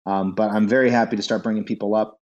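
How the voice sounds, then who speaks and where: Male moderator, lowish voice, upbeat and orderly. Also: steady tone, fast, a little mellow, muffled recording. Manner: upbeat, organized, calls up speakers. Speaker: host moderating an online audio room.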